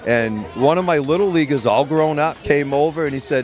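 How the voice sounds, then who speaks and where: A man's voice: mid-range voice, moderate pace, some chatter behind. A middle-aged man, a medical cannabis patient and grower, telling his story in an interview in a blunt, profane, rambling way with many restarts.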